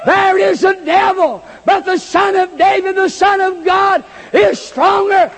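A man preaching a sermon at a conference, listing charges in an emphatic litany and often shouting. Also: extremely high pitch, a little slow, vocal fry, a faint crowd. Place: conference hall. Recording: long hall reverb.

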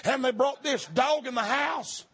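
A male preacher with a very high, husky voice delivers a fervent sermon. He often rises into shouted exhortation. His delivery is urgent and preacherly. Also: a little slow.

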